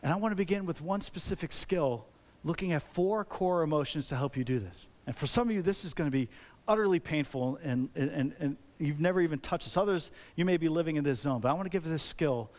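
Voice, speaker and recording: A man preaching a sermon as a pastor, talking conversationally with many rhetorical questions and lively, animated delivery. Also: a little high, fairly quick.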